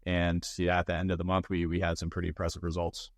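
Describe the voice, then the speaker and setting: A man's voice: deep voice, completely flat delivery, quick pace, no echo, clean studio sound. A man, a guest in a casual interview, explaining things in a matter-of-fact way.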